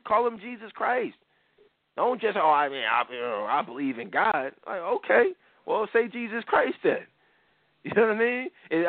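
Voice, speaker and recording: A man's voice: sits high, no echo. Man, radio host, middle-aged, preachy, casual talk, phone-like dry audio. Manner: preachy, animated, colloquial.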